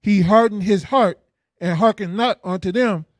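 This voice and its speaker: High-voiced man reading scripture. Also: moderate pace, dry recording, studio quality. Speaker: scripture reader.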